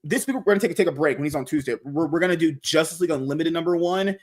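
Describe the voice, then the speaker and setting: A man's voice: fairly high pitch, very fast. A man hosting a podcast, talking casually and animatedly, swearing freely and rambling with restarts. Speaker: podcast host.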